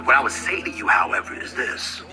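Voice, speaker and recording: A man in his fifties, a sports commentator, delivering an impassioned, combative monologue with emphatic repeated questions that climb up high. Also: fairly quick, music in the background, low-quality recording. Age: 50s.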